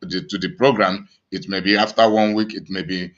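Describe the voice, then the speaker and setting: A man's voice: low voice, fairly even intonation, fairly quick, a bit bright, lo-fi sound. A man with a Nigerian accent, an evangelist preaching emphatically to his online audience, with many restarts and fillers. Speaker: evangelist and channel host.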